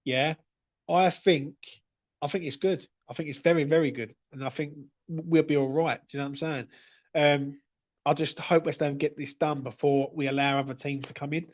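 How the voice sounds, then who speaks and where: A man with a somewhat high voice and fairly even intonation speaks at a normal speed, with the highs cut off. Hosting a fan channel livestream, he reads viewer comments and chats casually, stumbling over his words and often tossing in tag questions like "yeah?" and "mate".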